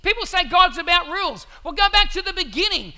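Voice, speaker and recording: A man preaching a sermon, telling a story in an animated way with asides to the congregation. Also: very high-pitched, a little fast. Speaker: pastor.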